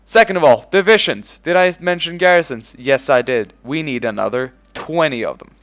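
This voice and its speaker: A man commenting casually on his own strategy game playthrough, swearing freely, bursting out with "boom" and ordering his in-game troops around. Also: moderate pace. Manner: excitable, swears casually, shouts "boom" when giving orders; talks to in-game units as if they were his troops. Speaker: let's play host.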